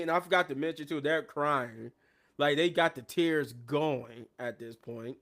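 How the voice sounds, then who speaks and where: A man casually recapping a wrestling show, excitable and rambling, often laughing at the action. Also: on the high side, measured pace. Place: at his workplace.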